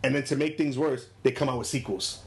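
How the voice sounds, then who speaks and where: Animated man acting out scenes. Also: quick pace, gravelly, a little hiss or hum. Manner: animated, acts out characters in high voices, laughs often. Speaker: movie discussion co-host. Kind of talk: casual chat.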